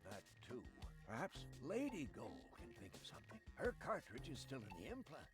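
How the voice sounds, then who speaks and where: An actor voicing a dry, ironic middle-aged scientist who makes wry, understated remarks. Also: male voice, mid-range voice, huge pitch swings, a little fast. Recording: game audio with music behind.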